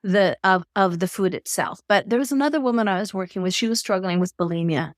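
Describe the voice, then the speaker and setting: A woman speaks as a podcast guest, explaining her ideas in an expressive, storytelling manner. Her voice sits at an ordinary middle pitch for a woman. The sound is dry, with no room echo. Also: fast. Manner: expressive storyteller who acts out quotes. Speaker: podcast guest, eating expert. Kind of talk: conversational explanation.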